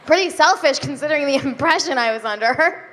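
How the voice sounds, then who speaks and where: Young woman, stand-up comedian, high-pitched, giggly, deadpan asides, live club recording, reverb. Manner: giggly, self-deprecating, drawn-out deadpan asides. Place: comedy club stage before a live audience.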